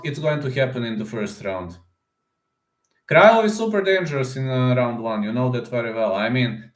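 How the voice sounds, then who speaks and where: A man hosting a casual livestream, chatting with viewers, speaking as a with lots of fillers. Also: mid-range voice. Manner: chatty, many fillers and "man", reads chat aloud. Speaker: livestream host making fight predictions. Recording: roomy echo.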